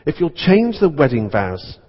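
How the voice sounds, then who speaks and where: A man's voice: a little high, big pitch swings, measured pace, breathy edge, in a large hall, lo-fi sound, full character voice. A man voicing an eager young groom who bargains to change his wedding vows, in a confiding, pleading tone. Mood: wheedling. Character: eager young groom making a shady deal.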